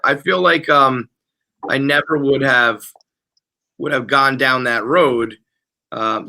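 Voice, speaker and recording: A man's voice: fairly high pitch, measured pace, creaky, sharp tone. A man hosting a podcast, chatting casually and riffing animatedly, with plenty of swearing. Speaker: podcast host. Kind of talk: casual sports chat.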